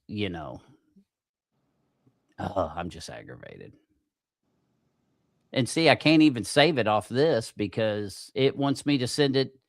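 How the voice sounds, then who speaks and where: A podcast host hosts a casual livestream in a lowish voice with studio-quality sound and no echo. He swears freely, gets easily aggravated, and laughs at himself.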